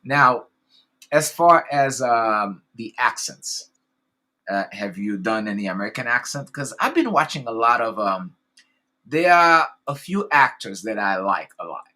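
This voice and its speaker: A man's voice: medium pitch, very animated, a little slow, sharp tone. A man hosting an interview, effusive and enthusiastic, rambling with many fillers as he praises his guest. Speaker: podcast host. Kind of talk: casual interview chat.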